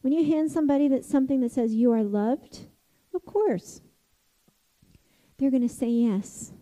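Impassioned high-voiced woman preaching. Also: normal speed, low-quality recording. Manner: impassioned, swings from loud to hushed. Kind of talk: sermon.

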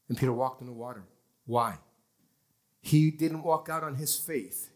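A male pastor preaching a lively sermon in a church, acting out scenes and quoting scripture. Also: mid-range voice, measured pace, pauses often. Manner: animated preaching, acting out people straining to believe.

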